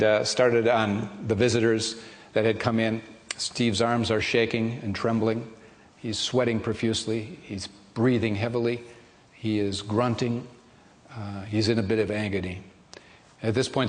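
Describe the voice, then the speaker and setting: A man preaching a sermon, telling a story gently and slowing down for tender moments. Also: medium pitch. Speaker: pastor. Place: church sanctuary. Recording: long reverb of a church hall.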